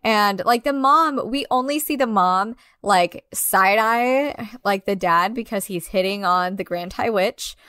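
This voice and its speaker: A woman's voice: mid-range voice, measured pace, few pauses, pushed and bright, clean tone, no echo. A young woman co-hosting a podcast, chatting candidly and casually, swearing freely and peppering her speech with fillers. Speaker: podcast co-host. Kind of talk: casual chat.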